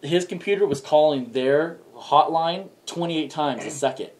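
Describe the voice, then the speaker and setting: A man co-hosting a podcast, telling stories in a loose, swearing, animated way. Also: fairly high pitch, a little slow. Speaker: podcast co-host. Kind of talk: casual chat.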